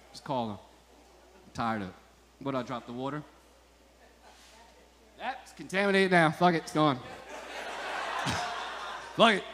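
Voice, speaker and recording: A man from New Jersey with a slightly high, fairly bright voice performs a profane, rambling stand-up set on an outdoor club stage, laughing at his own jokes. The live stage recording has long reverb and a little hiss or hum.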